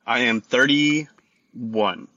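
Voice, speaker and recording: A man's voice: medium pitch, extremely slow, pushed and bright, dry recording. A man in his thirties with a Texan accent, calling in to a radio show and speaking hesitantly, often repeating words. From Texas. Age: 30s. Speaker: caller. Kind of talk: phone-in conversation. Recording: lo-fi phone line.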